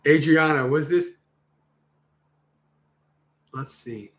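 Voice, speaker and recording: A man's voice: on the high side, drawn-out words, a bit bright. A man hosting a livestream, reading a Buddhist sutta aloud and commenting casually, laughing often and acting out the quoted lines. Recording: roomy echo.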